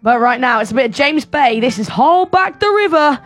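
A woman's voice: sits high, lively intonation, normal speed, soft background music. A woman co-hosting a morning radio show in a bubbly, teasing, upbeat presenter style. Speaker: radio co-host. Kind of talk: breakfast radio chat.

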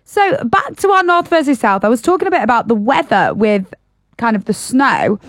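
Woman, northern English accent, radio co-host, high voice, dry close studio sound, chatty and keen. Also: big pitch swings, no room sound. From Yorkshire, North of England. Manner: chatty and enthusiastic, drawn-out words when savoring a point. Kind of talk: casual radio chat.

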